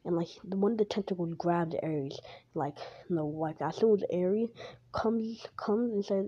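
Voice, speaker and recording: A woman rambles through a made-up story, filling it with "like" and starting over mid-sentence. Her voice is fairly low and mellow. The recording is dull and lo-fi, with a faint hiss behind her. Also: normal speed, breathy edge. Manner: rambling, full of "like" and restarts.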